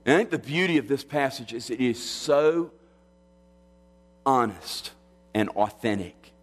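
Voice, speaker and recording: A man preaching in a church sanctuary, his voice trailing off into a long echoing reverb. He speaks in a measured, earnest way at a middling pitch, circling back and restarting phrases as he works through the text. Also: expressive. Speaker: pastor. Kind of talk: expository sermon.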